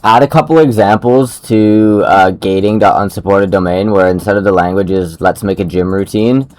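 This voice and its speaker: A man's voice: on the low side, fairly even intonation, moderate pace, a little mellow, no room sound. A man streaming while he codes, chatting casually with jokes, keyboard typing behind him. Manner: joking, laid-back. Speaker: streamer coding live. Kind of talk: casual chat while coding.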